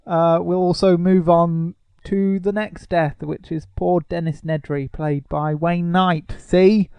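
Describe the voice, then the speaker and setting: A man's voice: on the high side, flat delivery, slow pace, clear, resonant tone, no echo, muffled recording. A man co-hosting a casual podcast, sarcastic and mock-indignant. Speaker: podcast co-host.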